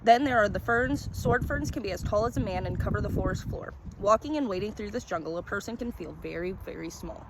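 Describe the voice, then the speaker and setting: A woman narrating a first-person short story in a calm, descriptive reading manner. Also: medium pitch, fairly quick, few pauses, noisy background.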